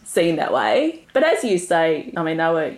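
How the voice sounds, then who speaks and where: A woman's voice: low voice, very animated, moderate pace. A woman, casually sharing a memory in conversation. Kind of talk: casual chat.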